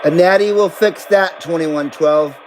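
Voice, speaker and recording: A middle-aged man with a fairly high voice rambles casually through a live radio stream. He talks in a loose, laid-back way and swears freely. A faint hum sits behind him. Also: a little slow. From Nevada, US. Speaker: CB radio livestream host.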